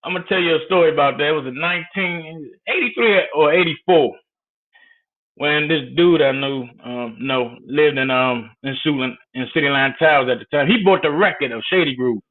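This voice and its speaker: A man's voice: fairly high pitch, normal speed. A man from Maryland telling stories as a guest in casual, laid-back street talk. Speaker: guest, music collector. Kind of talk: casual storytelling. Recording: tinny phone-like line.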